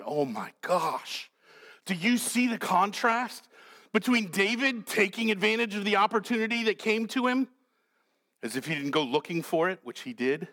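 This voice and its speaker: A man's voice: sits high, expressive, moderate pace, pushed and bright. A male pastor preaching a sermon in a dramatic, questioning way, acting out the characters.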